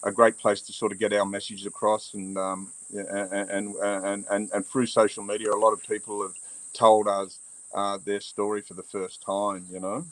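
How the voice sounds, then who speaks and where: A middle-aged Australian man from western Sydney giving frank, halting personal testimony as a guest on a video call. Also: lowish voice, little pitch movement, no room sound, rough recording. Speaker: guest, abuse survivor advocate. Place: outdoor shed on a hill.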